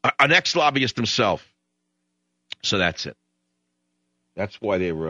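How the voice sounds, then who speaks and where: A man's voice: low-pitched, expressive, moderate pace, long pauses, sharp tone, dry recording, muffled recording. A man hosting a political talk radio show, ranting in a sarcastic, exasperated way. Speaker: radio host.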